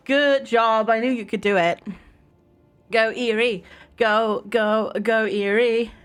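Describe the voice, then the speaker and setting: A woman's voice: on the high side, fairly even intonation, takes it slowly, clear, resonant tone. A woman streaming a video game, chatting casually with her viewers, giggling, and reading in-game books aloud. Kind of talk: casual gameplay commentary.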